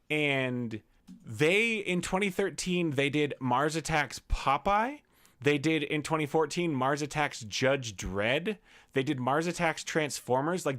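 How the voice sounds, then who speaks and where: A man co-hosting a casual comedy podcast, retelling movie scenes in an animated way and laughing often. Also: fairly high pitch.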